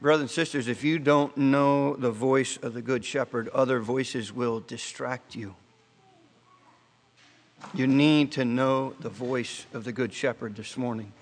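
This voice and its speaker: A male pastor delivering a casual, story-driven sermon at an even, middling pitch. He pauses, restarts phrases and drops his pace to land a point. His voice rings out with a long reverb tail, like a church sanctuary. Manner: conversational storytelling with rhetorical questions; halting restarts, slows for emphasis.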